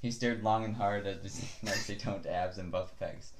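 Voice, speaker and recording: A podcast co-host on a comedy show reads silly fan fiction aloud in a lowish voice, mostly even in intonation and at a moderate pace, with background noise present. He keeps cracking up mid-read.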